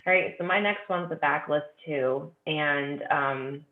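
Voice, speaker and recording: A woman's voice: deep voice, unhurried. A woman guest gushes about books in a casual, enthusiastic chat, trailing off into fillers. Her voice comes through a tinny, phone-like line. The sound is echoey. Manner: gushing, enthusiastic, lots of fillers. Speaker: guest author.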